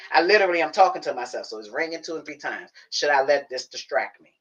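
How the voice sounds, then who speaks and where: A woman livestreaming from her home office, telling a story to her viewers in a casual, animated way, acting out the conversations. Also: deep voice, fast, highs cut off. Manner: animated, acts out conversations, talks to herself. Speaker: livestream host.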